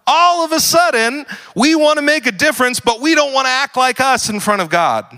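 A young adult man preaching a casual sermon, joking and full of fillers, building to animated emphasis. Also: very high-pitched, fairly quick. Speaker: pastor.

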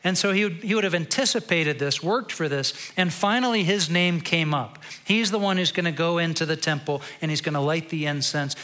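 A man preaching a sermon in a bright, forceful voice that sits a little high for a man. He tells the story conversationally and slows into quiet reflection at points. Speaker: pastor.

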